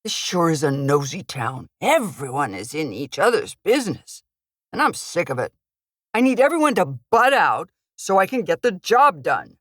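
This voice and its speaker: A woman voicing a huge, impatient male thug who barks his demands in a gravelly voice. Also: low-pitched, big pitch swings, moderate pace, no echo, clean studio sound. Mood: suspicious. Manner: barking, demanding.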